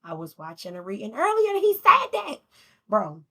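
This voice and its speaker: A woman talks through a tarot spread in a casual, rambling way. Her voice is bright and forward. She laughs often and swears freely. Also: a little high, wildly swooping pitch, normal speed, slightly rough. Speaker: tarot reader.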